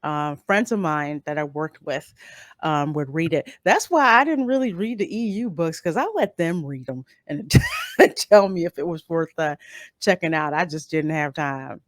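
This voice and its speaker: A woman's voice: fairly low pitch, huge pitch swings, a little slow, dry recording, clean studio sound. A woman hosting a live-stream review, blunt and opinionated, stressing her points by repeating them in a casual commentary style. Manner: blunt, opinionated, emphatic repetitions. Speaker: YouTube channel host reading live chat.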